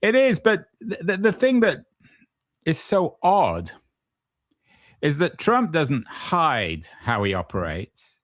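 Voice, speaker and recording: A man's voice: on the high side, wildly swooping pitch, slow, dry recording, studio quality. A male interview host with a wry, incredulous manner. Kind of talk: conversational interview.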